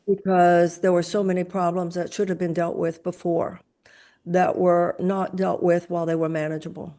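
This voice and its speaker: A woman's voice: lowish voice, level tone, normal speed, dark tone. An older woman, speaking as a guest and making an impassioned, lecturing political argument. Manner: emphatic, lecturing, builds arguments with examples.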